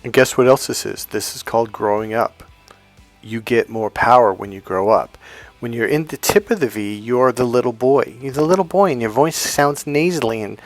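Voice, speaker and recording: A man's voice: medium pitch, moderate pace, dry recording, faint music behind. A middle-aged man coaching in a blunt, emphatic way. He swears freely and repeats phrases for stress. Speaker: dating coach. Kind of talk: coaching talk to camera.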